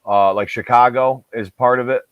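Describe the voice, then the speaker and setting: A man's voice: mid-range voice, steady tone, normal speed, clean tone, no echo. Casual co-host, man, upstate New York accent, rambling chat, dull dry lo-fi recording. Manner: rambling, self-interrupting. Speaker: podcast co-host.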